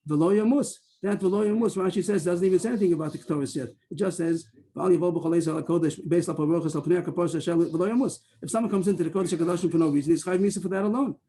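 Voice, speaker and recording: Talmud teacher on a video call, rapid explanatory delivery, slightly high, dark tone. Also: male voice. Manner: quick explanatory teaching, mixing Hebrew and Aramaic terms. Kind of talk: Talmud study class over video call.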